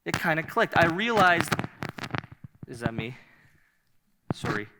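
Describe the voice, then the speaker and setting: A man preaching a sermon in a conversational, animated way, often laughing and repeating himself. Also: on the high side, a little slow, very noisy. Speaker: pastor.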